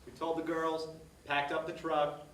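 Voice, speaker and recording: A man's voice: on the high side, completely flat delivery, a little slow, fairly bright tone, slight background noise. An actor on stage playing a folksy man, telling a rambling story about his dog. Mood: reminiscing. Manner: folksy, rambling, repeats himself. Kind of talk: stage monologue. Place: theater stage. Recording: echoey stage heard from a distance.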